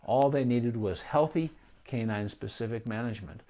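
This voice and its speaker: A man's voice: medium pitch, normal speed, mellow. Middle-aged man, veterinarian, informal teaching voice, conversational with restarts. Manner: conversational, explanatory, with asides and restarts. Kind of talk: informal teaching on puppy training.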